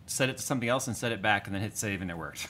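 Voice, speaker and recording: A man's voice: on the low side, rapid-fire, sharp tone, slight background noise. A man hosting a casual livestream chat, teasing his co-hosts in a rambling way. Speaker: host.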